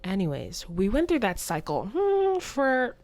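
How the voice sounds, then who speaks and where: A woman's voice: mid-range voice, a little slow. A young woman hosting her own podcast, chatting casually and acting out childhood moments with playful quotes. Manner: chatty, animated retelling with playful acted-out quotes. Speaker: podcast host. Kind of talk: casual solo podcast storytelling.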